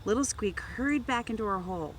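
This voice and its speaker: A woman volunteer reading a children's picture book aloud, gently narrating and lifting her voice for the toys. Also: medium pitch, lively intonation, quick pace, slight background noise. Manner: gentle storytelling, raising voice for toy characters. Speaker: volunteer reader.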